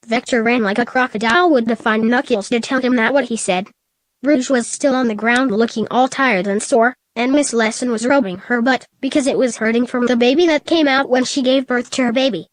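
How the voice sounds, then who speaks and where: A woman's voice: fairly high pitch, no echo. A synthetic female text-to-speech voice narrating a silly storybook tale.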